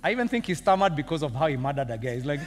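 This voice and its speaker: A Kenyan man preaching with a high, lively voice that leaps around as he acts out characters and jokes with the congregation. His sermon rings with long reverb through a large church hall. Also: very fast, over music. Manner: animated and humorous, acting out characters, laughing often. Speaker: senior pastor.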